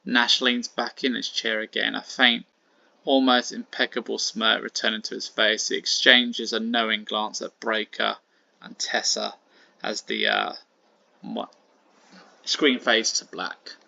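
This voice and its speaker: A man's voice: fairly low pitch, level tone, unhurried, gravelly, bright, forceful tone, dry recording. Casual man narrating a wrestling sim. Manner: casual, with many fillers and "sort of". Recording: dull, lo-fi and dry.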